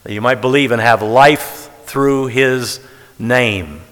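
A man preaching in a sermon style, leaning hard on key words as he works through counts. His voice sits at an ordinary middle pitch and carries a long reverb from a large hall. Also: slow, fairly bright tone. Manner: emphatic, counting out word tallies with stress on key words. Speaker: preacher teaching the Bible. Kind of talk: sermon-style Bible teaching.

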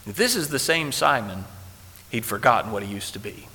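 A male pastor preaching a sermon in a church, quoting old scripture and swinging from hushed passages to loud ones. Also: medium pitch, animated, fairly quick. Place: church sanctuary. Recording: echoey hall with faint hiss.

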